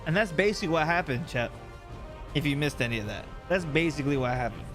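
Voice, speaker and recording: A young man casually commenting on a story game for his livestream chat, animated and joking as he recaps what happened. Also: fairly high pitch, quick pace, music in the background.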